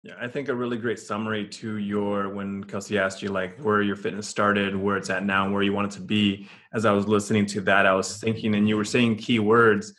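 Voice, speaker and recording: A man's voice: fairly low pitch, little pitch movement, a little fast, hardly any pauses, a bit bright. A man co-hosting a podcast in casual chat, earnest and motivational, often restarting his sentences. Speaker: podcast co-host.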